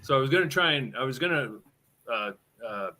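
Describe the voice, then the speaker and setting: Man, bright forward voice, casual chat, swearing storyteller, acts out quotes. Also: medium pitch, expressive, a little fast. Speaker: show guest, hockey fan.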